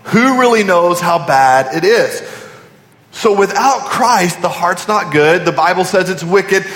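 A man's voice: high-pitched, lively intonation, a little slow, fairly bright tone. Preaching man in an echoey auditorium. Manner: preacherly, repetitive emphasis, rhetorical questions. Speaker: pastor. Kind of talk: sermon. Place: large church auditorium. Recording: echoey hall from a distance.

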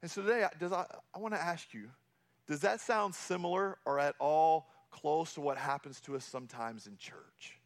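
A man's voice: a little high, normal speed. A man preaching a sermon as a pastor, earnest and repeating key phrases for emphasis.

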